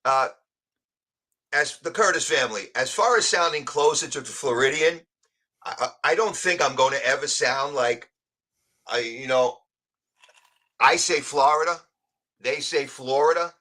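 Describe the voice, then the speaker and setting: A man from New York with a New York accent, chatting casually as a guest on a live stream, telling stories in an animated way. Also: medium pitch, moderate pace, pauses often.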